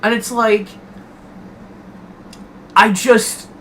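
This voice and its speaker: A man's voice: sits high, level tone, very slow, fairly bright tone, slight background noise. A young man streaming, telling a story to his chat in a casual, rambling way and swearing freely.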